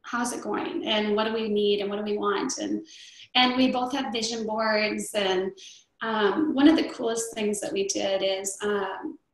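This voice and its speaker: A woman's voice: mid-range voice, steady tone, unhurried. A middle-aged woman chatting as an interview guest, rambling with many fillers and restarts. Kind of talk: casual chat. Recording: very echoey room.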